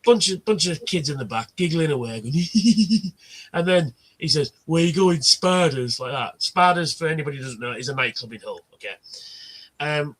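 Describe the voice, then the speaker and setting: A man's voice: mid-range voice, fairly quick. A man hosting a casual livestream chat, telling blunt stories and swearing freely. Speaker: livestream host.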